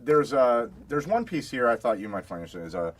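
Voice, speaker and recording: A man on a talk show, reading items out haltingly with many fillers. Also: mid-range voice, sing-song, slight background noise.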